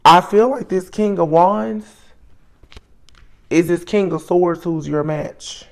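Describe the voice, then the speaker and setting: A woman giving a solo tarot reading, musing aloud as she names each card, with soft exclamations along the way. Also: lowish voice, takes it slowly, vocal fry. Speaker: tarot reader.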